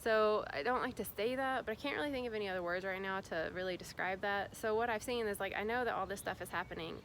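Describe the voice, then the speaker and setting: A woman's voice: medium pitch, fast, fairly bright tone, slight background noise. A woman from Indiana, a spiritual guide, talking casually and rambling with many fillers and restarts. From Indiana, USA. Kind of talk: casual spiritual vlog talk.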